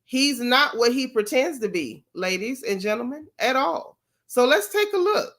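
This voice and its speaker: A woman's voice: sits high, lively intonation, normal speed, fairly bright tone. A woman from Florida hosting a casual gossip vlog, chatty and mocking as she comments on clips.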